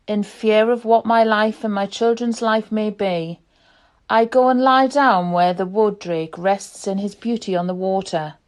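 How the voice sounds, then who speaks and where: A woman reading a poem aloud in a calm, measured, reflective way. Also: medium pitch. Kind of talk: slow poetry reading.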